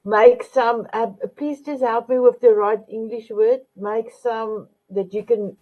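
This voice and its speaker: Slow-talking woman host. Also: on the high side, fairly even intonation. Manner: warm, affectionate address, repeats "my beautiful ones". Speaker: talk show host. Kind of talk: motivational talk. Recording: dull lo-fi sound.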